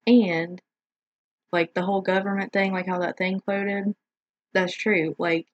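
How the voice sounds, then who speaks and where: A woman's voice: medium pitch, level tone, measured pace, dry recording, highs cut off. A woman in a casual discussion, speaking frankly and with strong opinions, saying "like" often.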